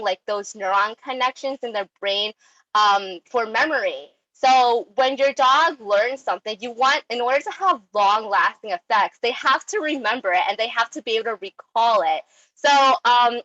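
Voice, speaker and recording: A young woman giving a casual online talk on dog training, chatty and animated, with many ums and likes. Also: fairly high pitch, no room sound, dull audio.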